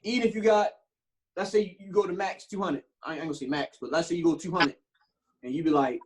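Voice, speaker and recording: A young man talks on a casual podcast, animated and slangy, leaning into his stories with plenty of cursing. His voice sits a little high for a man. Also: a little fast, low-quality recording. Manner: animated storytelling with slang and profanity. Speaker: podcast co-host. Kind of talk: casual chat.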